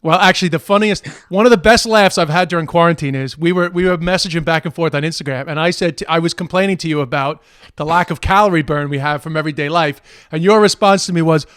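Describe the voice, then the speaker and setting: Fast-talking man joking in a dry room. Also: fairly high pitch, a bit bright, smooth, dry recording. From Ireland. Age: 40s. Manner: quick, joking banter. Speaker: podcast host. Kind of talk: casual comedic chat.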